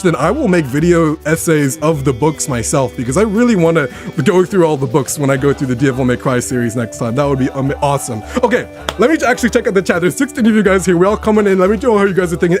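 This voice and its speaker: An excitable young man hosts a live stream from his room, talking straight to his chat in a rambling, eager way. His voice sits a little high and sounds slightly worn, and faint music plays underneath. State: voice getting worn.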